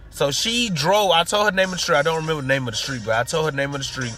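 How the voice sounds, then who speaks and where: High bright-voiced man telling a story. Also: racing, hardly any pauses, soft background music. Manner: animated, acts out the people in his story. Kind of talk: casual comic storytelling.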